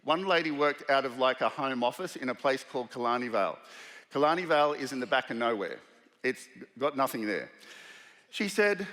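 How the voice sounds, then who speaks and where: An Australian man tells a personal story to a conference crowd with animated, conversational energy, slipping into the voices of the people he describes. His voice sits at an ordinary middle pitch. The sound carries a long reverb from a large hall. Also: fairly quick. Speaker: keynote speaker. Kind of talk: storytelling talk to a live audience.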